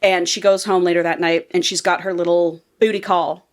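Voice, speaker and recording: A woman's voice: fairly low pitch, little pitch movement, brisk. A woman co-hosting a podcast, casually and profanely recapping a romance novel and acting out its characters as she goes. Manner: chatty, profane, acts out characters while recapping. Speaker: podcast co-host. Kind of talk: casual book-review chat.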